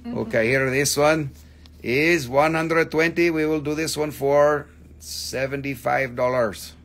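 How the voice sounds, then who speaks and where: A man's voice: a little high, measured pace, fairly bright tone. A man hosting a casual live stream where he sells rocks and crystals, joking, rambling, and swearing freely. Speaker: crystal shop host.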